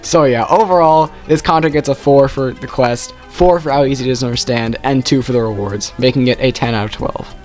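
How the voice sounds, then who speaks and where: A man's voice: mid-range voice, brisk, few pauses, darkish tone, soft background music. A young man casually ranking video game quests, rambling and correcting himself often. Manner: rambling, self-correcting, with frequent "like". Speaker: gaming youtuber.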